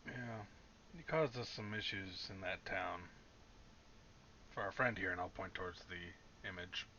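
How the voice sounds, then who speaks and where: A blunt man chats at a tabletop game and swears casually. His voice is very low with a sharp, bright edge. A dull lo-fi mic makes him sound muffled. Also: unhurried, a little hiss or hum. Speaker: player.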